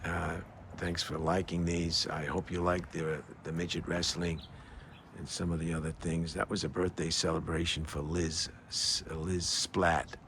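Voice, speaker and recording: An older man talking in a casual, rambling monologue outdoors, halting often with fillers and restarts. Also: low voice, flat delivery, fairly bright tone, slight background noise. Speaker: vlogger.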